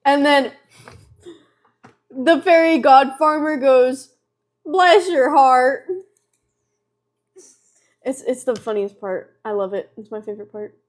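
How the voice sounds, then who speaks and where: A teenage girl chatting on a livestream with a slightly high voice, telling a story in an animated way. She talks freely and fills her sentences with fillers. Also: measured pace. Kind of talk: casual chat on a livestream.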